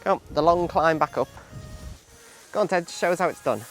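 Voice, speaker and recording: A man's voice: a little high, normal speed, faint music behind. A man from England bantering drily on an outdoor countryside walk. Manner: jokey, dry banter. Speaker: travel vlogger. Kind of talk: casual chat on a walk.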